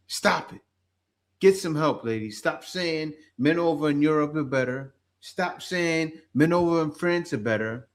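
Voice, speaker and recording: A man's voice: a little high, slow. A man from the United States giving a repetitive, preachy reaction commentary, asking rhetorical questions. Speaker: commentary host.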